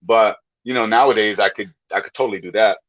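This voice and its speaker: A man's voice: lowish voice, fairly even intonation, fast, a bit bright. A young man, a comedian, chatting casually as a podcast guest, rambling and swearing, with many restarts. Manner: rambling, profane, frequent restarts and laughs. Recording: slightly muffled lo-fi audio.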